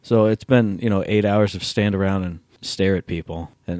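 A man's voice: low-pitched, normal speed, few pauses, a little mellow, dry recording, studio quality. A man hosting a podcast in laid-back, joking banter with his co-host. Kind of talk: casual chat.

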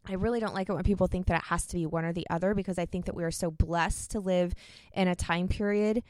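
A woman's voice: on the low side, steady tone, fast talker, darkish tone, no room sound. Upbeat chatty woman podcast host. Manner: chatty and upbeat, laughs often. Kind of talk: casual podcast talk.

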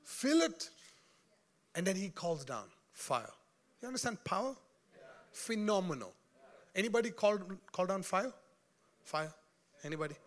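A man preaching a sermon in an animated, joking way, often laughing and calling out to his congregation. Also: high voice, moderate pace, long pauses.

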